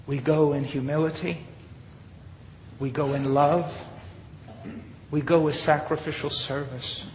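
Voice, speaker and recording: A man preaching a sermon with dramatic storytelling, rising loud and then dropping to a hush. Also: fairly high pitch, steady tone, measured pace, pauses often. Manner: dramatic storytelling, swings between loud rises and hushed drops. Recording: long hall reverb, faint noise.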